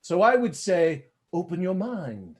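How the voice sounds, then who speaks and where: A man's voice: sits high, big pitch swings, measured pace, darkish tone. A man improvising a grandiose, theatrical expert in a comedy scene over a video call. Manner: grandiose, theatrical, laughs often. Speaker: improv performer playing a Shakespeare expert.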